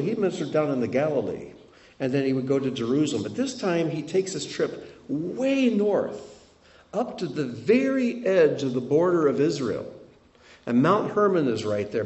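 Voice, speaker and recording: A man giving a sermon while showing travel photos, telling it in an animated way that swings between loud and hushed. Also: fairly high pitch, reverberant. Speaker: preacher.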